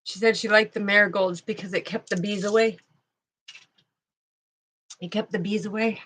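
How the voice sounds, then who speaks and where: Woman intuitive reader, emotional and halting, sadness in her voice, channeling messages. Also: medium pitch, steady tone, a bit bright. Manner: halting, emotional, speaks slowly with pauses. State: tearful, sad voice. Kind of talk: spiritual channeling reading.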